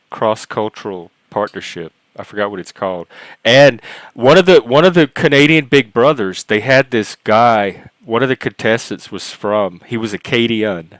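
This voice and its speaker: A Cajun man from South Louisiana in his forties, rambling and halting as he tells stories while hosting a panel chat. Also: medium pitch, a bit bright, no room sound, low-quality recording. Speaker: host of a panel discussion. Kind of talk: casual chat.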